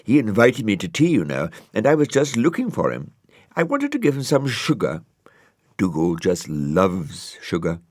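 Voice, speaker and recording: A man voicing a polite, prim young girl with a bright, slightly tart manner in a storybook reading. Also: on the low side, huge pitch swings, moderate pace, no room sound, pitched above the performer's own voice.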